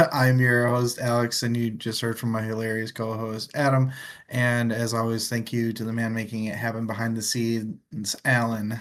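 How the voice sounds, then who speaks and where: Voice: medium pitch, little pitch movement, normal speed. A podcast host chatting casually in a laid-back, chuckling way. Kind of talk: casual chat.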